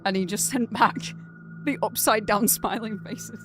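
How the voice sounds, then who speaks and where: A woman's voice: medium pitch, steady tone, a little slow. Young Northern English woman, game streamer, rambly casual chat, faint music underneath. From Greater Manchester, England. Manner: rambling and chatty, with frequent fillers.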